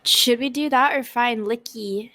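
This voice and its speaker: A woman playing in a tabletop game, speaking casually and full of 'like'. Her voice is bright and sharp. It sits somewhat high. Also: a little slow, no echo. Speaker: player.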